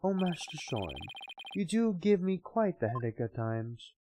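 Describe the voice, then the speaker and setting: A woman voicing a formal, fussy old male butler who speaks slowly and primly, reading game dialogue aloud on a livestream. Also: sits low, very animated, noisy background. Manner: slow, prim, formal. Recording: game music playing behind.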